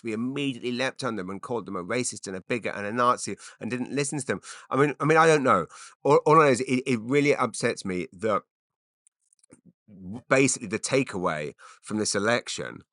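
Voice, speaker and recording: A man's voice: mid-range voice, brisk, fairly bright tone, dry recording, clean studio sound. A man hosting a solo podcast, rambling through his thoughts with many stammered restarts and trailing asides. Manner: rambling, self-interrupting, frequent stammered restarts. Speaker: podcast host.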